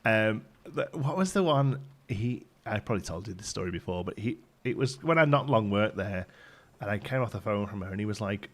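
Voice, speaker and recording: A man in his thirties with a softened Midlands accent, hosting a game livestream in rambling, chatty talk and laughing often. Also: fairly low pitch, lively intonation, brisk. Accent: softened Midlands English. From English Midlands. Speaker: livestream host. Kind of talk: casual chat while streaming a game.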